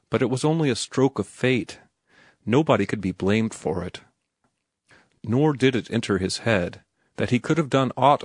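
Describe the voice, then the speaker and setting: Low-voiced man narrating an audiobook. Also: no echo, clean studio sound.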